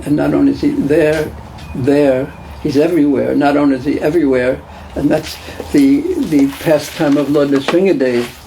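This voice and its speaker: A man's voice: a little high, creaky, warm tone, low-quality recording. A man giving a devotional class lecture in a conversational way, repeating phrases and putting questions to the listeners. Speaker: lecturer on scripture.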